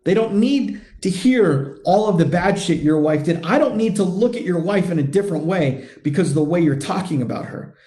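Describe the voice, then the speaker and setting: Male podcast host, confrontational and profane motivational talk, high-pitched, roomy echo. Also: lively intonation, normal speed, hardly any pauses, mellow. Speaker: men's coach and podcast host.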